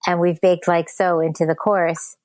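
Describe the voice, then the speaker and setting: A woman's voice: on the low side, flat delivery, normal speed, a little mellow, dry recording. Earnest woman explaining her work. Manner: earnest, explains with emphasis, laughs easily. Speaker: guest, speech app founder. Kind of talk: conversational interview.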